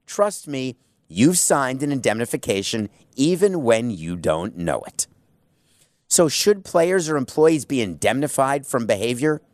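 A man's voice: mid-range voice, big pitch swings, a little slow, a little mellow, no echo. A man hosting a sports talk show, arguing his point with rhetorical questions and emphatic asides. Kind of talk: opinionated sports talk monologue.

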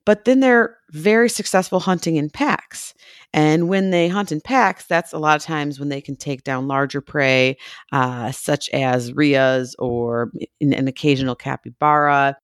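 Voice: medium pitch, a little slow, smooth, no room sound, studio quality. A podcast co-host chatting casually and gushing with enthusiasm about animals. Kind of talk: casual chat.

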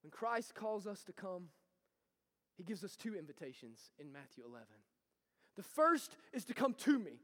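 A man, preaching a sermon and swinging from loud to hushed. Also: sits high, very animated, moderate pace. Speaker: pastor. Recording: long hall reverb.

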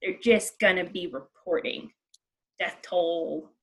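A woman co-hosting a podcast, chatty and animated, swearing freely with plenty of fillers. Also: fairly low pitch, takes it slowly. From United States. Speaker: podcast co-host. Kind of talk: casual chat.

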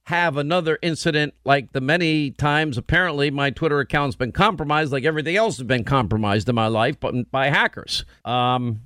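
A man hosting a radio and TV show, talking in casual on-air banter and telling blunt, animated stories with quoted asides. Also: medium pitch, brisk, hardly any pauses, clean tone, no echo. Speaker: radio and TV host.

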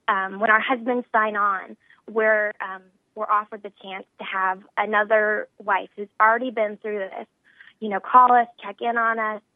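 A woman guest, a pastor's wife, chatting warmly and effusively on a phone call, with lots of "you know" and laughter. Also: mid-range voice, dry recording. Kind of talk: casual interview chat. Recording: tinny dry phone line.

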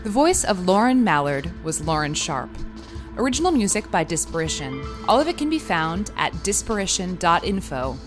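A woman reading end credits with a lively, wry delivery. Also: on the low side, moderate pace, over music. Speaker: credits reader. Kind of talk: read credits.

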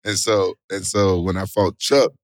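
Interview guest: middle-aged man with a low voice and dry close sound. He tells stories in slangy, animated bursts. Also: a little slow, dry recording. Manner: animated storytelling, loud exclamations, slangy. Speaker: interview guest, former fighter and actor. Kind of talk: casual interview talk.

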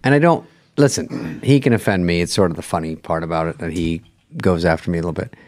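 A man's voice: low-pitched, quick pace, dry recording. A middle-aged man on a podcast, chatting casually and acting out quotes as he tells stories. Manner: animated storytelling, acts out quotes. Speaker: late-night host, guest.

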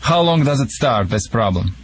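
A man's voice: medium pitch, lively intonation, moderate pace, breathy edge. A man with a Russian accent, a dog trainer giving advice to callers on a radio show in a jokey, theatrical way. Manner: jokey, theatrical promo delivery. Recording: radio studio.

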